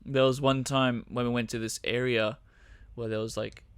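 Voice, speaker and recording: A man's voice: medium pitch, level tone, normal speed, clear, resonant tone, dry recording. A young man, podcast co-host, chatting casually and telling his own work story with some swearing. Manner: laid-back, swears, backchannels often.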